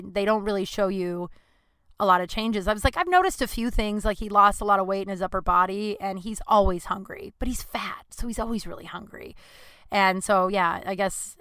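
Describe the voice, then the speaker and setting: A woman's voice: mid-range voice, bright, forceful tone, smooth, no echo, clean studio sound. A young adult woman hosting her own podcast, talking in a rambling, emotional way and swearing freely. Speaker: podcast host. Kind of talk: casual personal podcast monologue.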